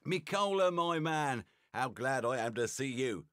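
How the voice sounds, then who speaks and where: A man's voice: medium pitch, lively intonation, a little slow, no room sound, voice pushed up, close to an everyday voice. A man voicing Sarunia, a dramatic village man who drags out his words for effect. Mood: glad. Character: dramatic village man, old friend, sullen and pushy. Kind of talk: game voice acting.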